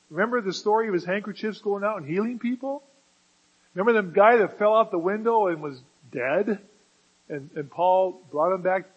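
A man preaching a sermon, moving from quiet explanation to loud, emphatic passages. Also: high voice, normal speed, husky, lo-fi sound.

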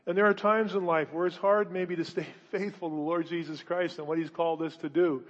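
A male pastor preaching a sermon in his church, emphatic and repetitive, asking rhetorical questions and swinging between loud declarations and hushed asides. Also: on the high side, steady tone, a little fast, few pauses, in a large hall, dull audio.

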